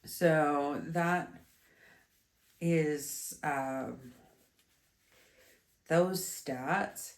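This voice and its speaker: A woman in her thirties reviews yarn in a slow, unhurried ramble, full of ums and restarts. Her voice sits low and sounds a little stuffy. The recording carries a roomy echo. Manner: chatty, meandering, with many fillers and restarts. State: stuffy, congested. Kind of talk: casual video review.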